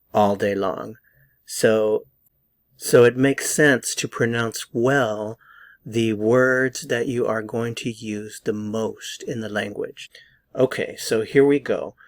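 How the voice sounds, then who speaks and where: Slow, patient American male pronunciation teacher. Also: fairly low pitch, dry recording, clean studio sound. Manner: patient, repeats words slowly for practice. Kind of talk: slow, deliberate pronunciation lesson.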